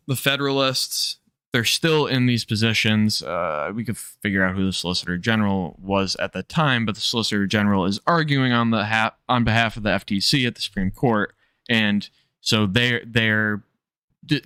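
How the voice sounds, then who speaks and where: A man's voice: lowish voice, moderate pace, bright, forceful tone, clean tone, no echo, studio quality. A man with a nasal voice, rambling through casual live-stream commentary, cutting himself off and swearing freely. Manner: rambling, self-interrupting, sprinkled with profanity.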